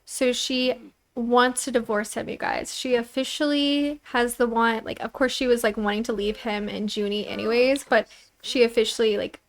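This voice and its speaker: A young woman casually commentating her life-sim let's play, chatty and full of "like" fillers. Her voice sits a little higher than most women's. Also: fairly even intonation, moderate pace. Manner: chatty, lots of "like" fillers, giggly.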